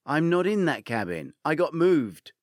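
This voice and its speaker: A man's voice: a little high, big pitch swings, a little slow, no echo, clean studio sound, voice pushed up. A man voicing a cornered, defiant female accomplice who answers in insistent, clipped replies. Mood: flustered.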